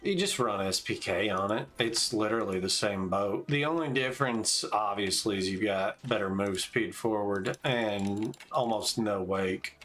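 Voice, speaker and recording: He talks a little slowly with few pauses, in a lowish, slightly bright voice. A man in his forties streaming a game, he gives relaxed, chatty commentary and calls out tactics between stories.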